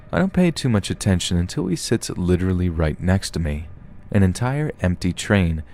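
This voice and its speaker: A man narrating scary stories in a steady, even storytelling manner, as the host of a horror reading podcast. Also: deep voice. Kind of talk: scripted narration.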